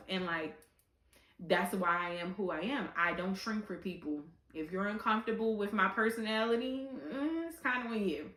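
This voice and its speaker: A woman's voice: medium pitch, normal speed, a bit bright. Blunt woman in her thirties, echoey room. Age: 30s. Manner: candid and blunt, with casual swearing. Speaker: podcast host. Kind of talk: casual podcast monologue.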